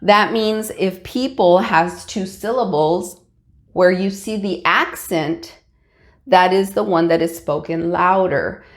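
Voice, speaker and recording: A woman's voice: fairly low pitch, slow pace. A woman teacher giving a recorded lesson to young students, explaining patiently with fillers and frequent check-ins.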